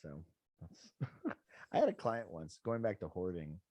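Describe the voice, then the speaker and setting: A man with a lowish voice tells stories in relaxed podcast chat, his pitch swinging widely as he goes. He swears casually along the way. The sound is dry and close. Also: measured pace, no echo. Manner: animated storytelling, swears casually. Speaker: dog trainer, guest podcaster.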